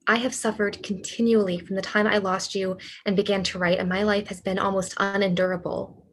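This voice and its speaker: A woman's voice: mid-range voice, little pitch movement, brisk, a little hiss or hum, close to an everyday voice. A woman reading the part of a despairing, lovesick young male writer in a cold reading over a video call, with earnest, pleading delivery. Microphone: computer mic on a video call.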